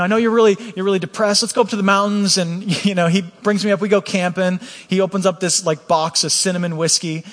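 A man's voice: high voice, long reverb tail. A man preaching a candid, earnest personal testimony, often restarting his sentences. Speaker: pastor.

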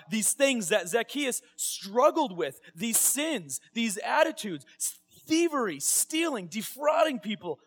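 A man preaching a sermon, telling a story with lively acted-out quotes. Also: very high voice. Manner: animated storytelling, acting out quoted voices. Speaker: pastor.

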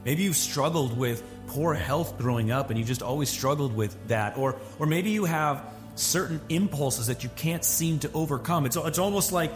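A man's voice: a little high, normal speed, music in the background. A man, a pastor, speaking in an encouraging, earnest way in a conversational sermon.

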